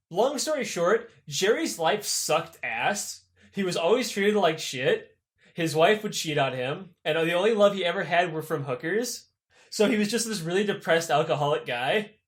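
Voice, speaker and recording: Young guy podcast host, high voice that jumps all over, swears a lot, does little voices for people in his story. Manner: animated, profane, acts out characters in quick voices. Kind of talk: casual storytelling chat.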